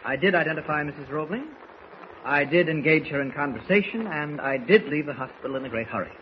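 An actor voicing a polite, guarded reporter with a soft-spoken, mild delivery in a fairly high voice. Classic 1940s radio acting. Dull, muffled sound with a faint hiss. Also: male voice, fairly quick, natural voice. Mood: reserved. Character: calm, guarded male reporter, polite and evasive.

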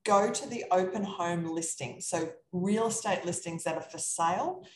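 A woman coaching real estate investors, talking in a lively, animated way on a live podcast chat over a video call. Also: fairly low pitch, normal speed. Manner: energetic, animated storytelling. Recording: echoey room with faint background noise.

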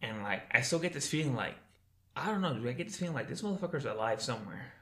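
A man's voice: medium pitch, lively intonation, quick pace, sharp tone. A man, telling a rambling, profane story in casual podcast chat. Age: 30s. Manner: loose, profane, rambling with lots of "like" and "dude". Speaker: podcast guest. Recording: roomy echo.

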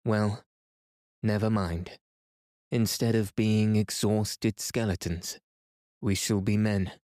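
A stern old professor who will not give up hope, read by a man in his own voice. He speaks in a firm, measured, lecturing way, low-pitched and dark in tone. The sound is dry and close. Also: steady tone, no echo. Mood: resolute.

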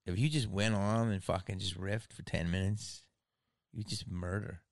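Host type, lower-voiced man, loose rambling comic patter, laughs a lot. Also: steady tone, moderate pace, creaky, no echo, clean studio sound. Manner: rambling, swears, laughs often. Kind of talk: casual comedic chat.

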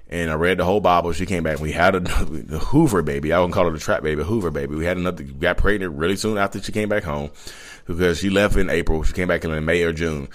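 Brief: man in his thirties, very low voice, fast and rambling, blunt vlog confessional. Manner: blunt, rambling, with self-corrections. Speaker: vlogger. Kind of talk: candid confessional monologue.

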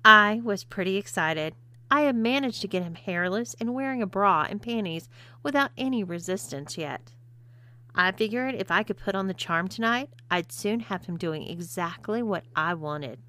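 Bright, teasing woman narrator. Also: mid-range voice, lively intonation, normal speed. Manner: teasing, seductive delivery. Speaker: audiobook narrator. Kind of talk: scripted narration of an erotic story.

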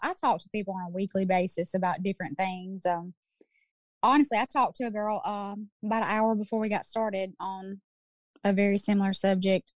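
A woman's voice: mid-range voice, no room sound. Laughing woman. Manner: self-deprecating, laughs often. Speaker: podcast co-host. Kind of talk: casual podcast chat.

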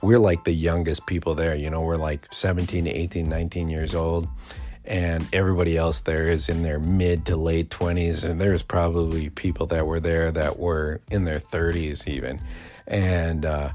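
A podcast host in his forties, with a deep and slightly mellow voice, tells a rambling, profane story and laughs as he goes. It's casual storytelling.

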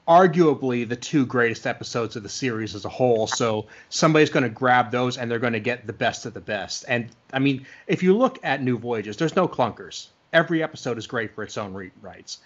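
A man's voice: mid-range voice, a bit bright. A man hosting a podcast interview, speaking appreciatively in a conversational way. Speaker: podcast host. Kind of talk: interview chat. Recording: dull lo-fi recording.

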